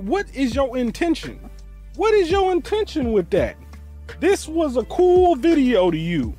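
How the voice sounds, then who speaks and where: A man hosting a reaction show, giving loud, animated commentary and swearing freely. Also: very high-pitched. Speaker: host.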